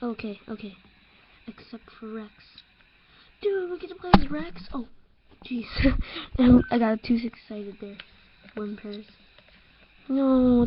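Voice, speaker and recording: A young woman talks through a horror game at an unhurried pace, her voice sitting a little high. She is excitable and jumpy, laughing off her own scares. The slightly dull, lo-fi mic gives it a home-recorded sound. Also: breathy edge. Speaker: let's-play gamer.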